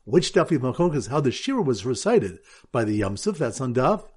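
A man's voice: mid-range voice, very animated, brisk, darkish tone, slightly rough. A man, a rabbi, teaching a Talmud lesson with memory aids and a quiz, reading Aramaic in a sing-song lilt.

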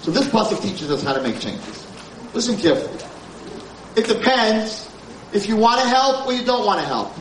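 A man's voice: high-pitched, big pitch swings, moderate pace. A man, a rabbi giving an informal Torah class, talking emphatically, repeating his points and mixing in Hebrew terms. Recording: roomy, distant, faint background noise.

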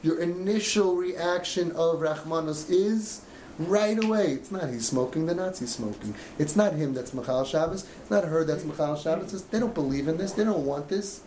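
A man's voice: a little high, moderate pace, darkish tone, slight background noise. A man coaching a group of parents in an emotional talk, acting out the voices of parents and kids as he goes. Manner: passionate, acts out parents' and kids' voices. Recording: echoey room with faint ambience.

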